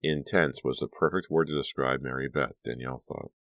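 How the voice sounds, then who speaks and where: A man reading a horror audiobook aloud in a steady storytelling manner, close to the mic. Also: very deep voice, a little fast, dry recording. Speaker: audiobook narrator. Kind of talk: scripted narration.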